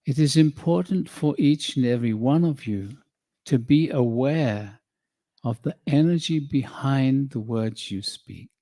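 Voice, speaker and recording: A man giving a slow, calm spiritual teaching, speaking in measured phrases and calling his listeners "beloved". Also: mid-range voice.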